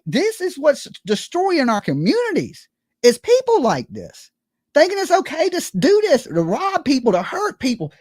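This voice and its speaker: A male livestream host rants straight at his viewers, emphatic and full of swearing. His voice is gravelly and swoops up and down a great deal. The sound is dry and close. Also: very high voice, dry recording. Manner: heated, profane and emphatic, addressing viewers directly. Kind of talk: late-night livestream rant.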